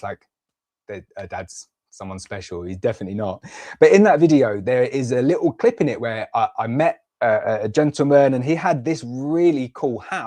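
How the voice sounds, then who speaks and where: A man's voice: mid-range voice, darkish tone. A man from the UK in his thirties, hosting a beekeeping livestream in a rambling, heartfelt way full of fillers and restarts. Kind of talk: casual livestream chat.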